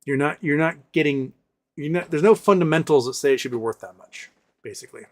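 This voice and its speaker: An American man hosts a casual livestream, somewhat higher in pitch than most men. He rants with a sarcastic edge and reads viewers' questions aloud before answering them off the cuff. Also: fairly quick. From United States. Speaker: livestream host.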